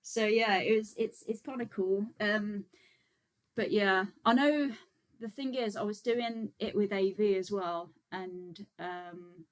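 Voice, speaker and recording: A woman talks casually to her livestream viewers, in a relaxed, rambling way with plenty of fillers. Her voice sits at a middle pitch, neither high nor low for a woman. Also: takes it slowly, low-quality recording. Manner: chatty and relaxed, many fillers, frequent laughs. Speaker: vegan activist livestream host.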